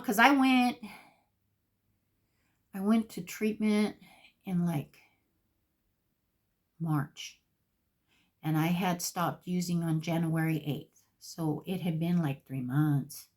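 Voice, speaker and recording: A woman vlogger telling her own story in a casual, animated, candid way, with plenty of swearing. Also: on the low side, slow pace, long pauses. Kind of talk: casual storytelling while getting ready.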